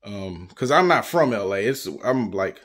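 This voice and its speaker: A man's voice: fairly low pitch, expressive, measured pace, fairly bright tone. A man from Northern California talking casually to camera on his vlog, loose and rambling, with lots of "you know" and restarts. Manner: loose, rambling, full of "you know what I'm saying". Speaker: YouTube vlogger. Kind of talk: casual storytelling monologue.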